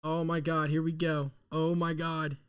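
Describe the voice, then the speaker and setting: High-voiced, excitable man. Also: unhurried, clear, resonant tone. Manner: excitable, nervous, rambling fan talk. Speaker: sports fan host. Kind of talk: live draft reaction stream. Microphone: desk mic.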